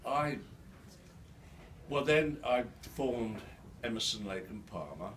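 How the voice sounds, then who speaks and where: An older man speaking to a live audience, halting with many restarts, his words slightly slurred by a new denture. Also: medium pitch, lively intonation, a bit bright. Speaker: guest speaker. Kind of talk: live storytelling talk. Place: event hall with an audience. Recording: distant mic in a noisy room.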